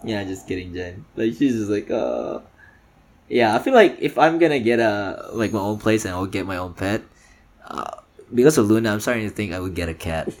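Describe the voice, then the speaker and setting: A man's voice: fairly low pitch, lively intonation, normal speed. A man co-hosting a podcast in casual chat, rambling with many fillers and laughing often. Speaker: podcast co-host.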